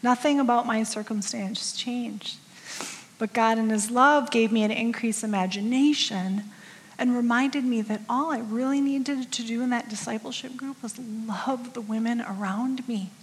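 A woman's voice: a little high, steady tone, unhurried. Candid woman in her fifties preaching. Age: 50s. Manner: candid, self-deprecating storytelling. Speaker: women's ministry speaker. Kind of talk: conversational sermon. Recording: long reverb of a large hall.

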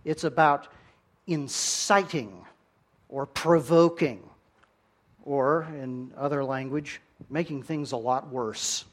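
A man preaching a sermon, telling stories in an animated way with big swings in loudness. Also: medium pitch, slow.

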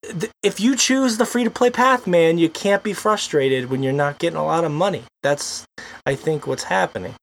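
A man co-hosting a casual gaming podcast, talking in animated, joking banter. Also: fairly high pitch, normal speed, creaky, a little hiss or hum. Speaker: podcast co-host.

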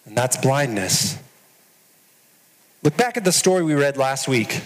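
A man's voice: mid-range voice, big pitch swings, a little slow, big-room sound, poor audio. A man preaching a sermon as pastor, earnest and putting direct questions to his listeners.

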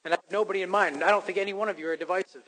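Man, pastor preaching a sermon, emphatic with wry self-deprecating asides, fairly high voice, long church reverb. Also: fairly even intonation, rapid-fire, fairly bright tone. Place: church sanctuary.

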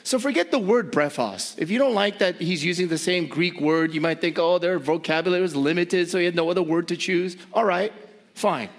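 A male pastor delivers a sermon in a high, emphatic voice. He drives his points home by repeating words and firing rhetorical questions at his listeners. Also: a little fast.

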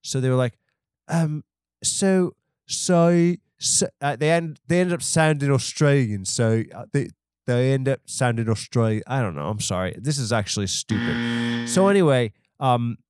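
A man's voice: medium pitch, moderate pace, darkish tone, clear, resonant tone, dry recording. A man hosting a podcast, rambling through an off-the-cuff comedic story and mocking himself as he goes. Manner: self-deprecating, rambling, off the cuff. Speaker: podcast host.

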